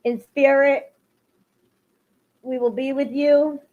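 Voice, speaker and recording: A woman's voice: high voice, steady tone, slow. Emotional woman streaming live. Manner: emotional, swings into angry ranting. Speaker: livestream host. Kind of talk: casual livestream chat to viewers. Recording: lo-fi livestream audio.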